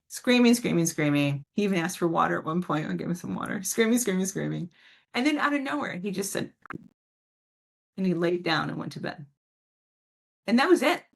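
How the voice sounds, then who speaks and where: A woman giving a casual talk on a video call, answering parents' questions and telling stories with warm, animated emphasis. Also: on the low side, fairly quick, vocal fry, pauses often. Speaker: parent educator, guest speaker.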